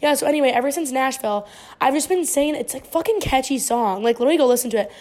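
A woman's voice: high voice, fast talker, darkish tone. A woman in her twenties, a podcast host telling a story in casual chat, rambling and swearing freely. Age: 20s. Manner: profane, rambling, heavy use of "like".

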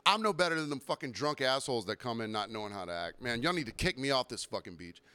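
A young man hosting a podcast, telling a rambling, profane, self-mocking story while getting over a sore throat and clearing it now and then. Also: medium pitch, lively intonation, fast, pushed and bright. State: recovering from illness, throat clearing. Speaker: podcast host. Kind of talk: casual storytelling monologue.

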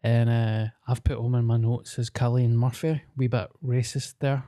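A man's voice: medium pitch, level tone, normal speed, dark tone. A Scottish man co-hosting a podcast, telling self-mocking stories in casual banter. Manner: jokey storyteller, self-mocking. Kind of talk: casual chat.

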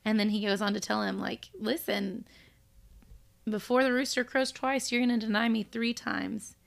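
Gravelly-voiced woman co-hosting a Bible podcast. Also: a little high, moderate pace. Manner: reads scripture aloud, animated when quoting. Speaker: podcast co-host. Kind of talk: casual Bible study chat.

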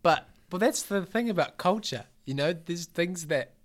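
A man hosting a podcast, easygoing, quick to react and ask questions. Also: high-pitched, lively intonation. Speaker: podcast host. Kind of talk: casual chat.

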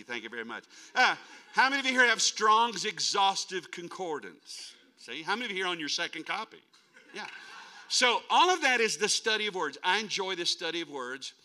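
A man in his sixties from North Dakota, a traveling preacher giving a folksy, animated sermon and calling on the congregation to answer back. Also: high-pitched, normal speed. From North Dakota, USA. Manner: folksy, animated, calls on the crowd to respond.

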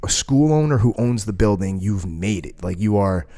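A man on a relaxed podcast, talking in a slightly low voice. He rambles and restarts his sentences, drops profanity freely and gets animated as he tells his stories. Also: normal speed. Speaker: podcast co-host, jiu-jitsu school owner. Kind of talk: casual podcast chat.

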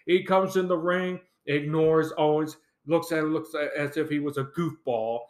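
A man's voice: fairly high pitch, unhurried. A man hosting a solo fan podcast. He talks with enthusiasm, gives strong opinions and laughs often. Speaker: podcast host. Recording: echoey room.

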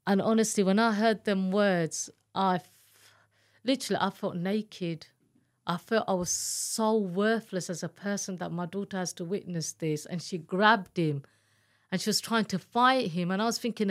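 A woman giving a candid, earnest account of her own past as an interview guest, halting and searching for words as she retells it. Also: on the low side, fairly even intonation. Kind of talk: emotional personal testimony in an interview.

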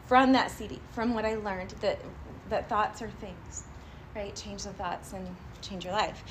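A woman giving a live motivational talk to a group, animated and chatty, often laughing and asking the audience questions. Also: medium pitch, measured pace, slight background noise. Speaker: motivational speaker addressing a group.

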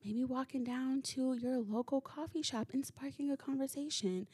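A woman hosting a solo podcast, telling stories in a casual, animated way, swearing freely and laughing as she goes. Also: sits high, normal speed, slightly rough, dry recording, studio quality. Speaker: podcast host. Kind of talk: casual solo storytelling monologue.

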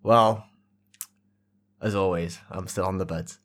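A man co-hosting a podcast, chatting casually with quick, joking asides. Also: low-pitched, steady tone, fairly bright tone. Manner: quick-witted, laughing asides. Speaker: podcast co-host. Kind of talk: casual chat.

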